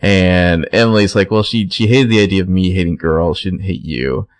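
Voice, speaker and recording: This podcast co-host chats through a casual recap, easily retelling scenes and voicing the characters' lines himself. He has a low voice at a normal pace, and the audio has no echo.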